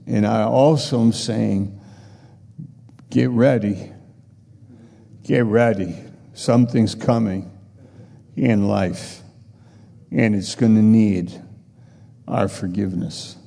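A man's voice: fairly low pitch, vocal fry, dark tone. A man preaching a sermon in an earnest way that grows emphatic, heard with a long church reverb. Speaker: pastor.

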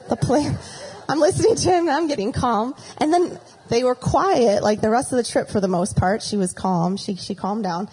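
A woman's voice: on the high side, moderate pace, mellow, husky, rough recording. Rambling middle-aged woman telling a story. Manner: rambling, chatty, often slips into acted quotes. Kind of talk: storytelling talk with faith reflection.

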